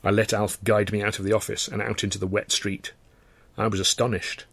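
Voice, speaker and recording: A man, the author, reading his novel aloud in a measured, even storytelling manner. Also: on the low side, creaky, dry recording. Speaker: author and narrator. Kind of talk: scripted audiobook narration.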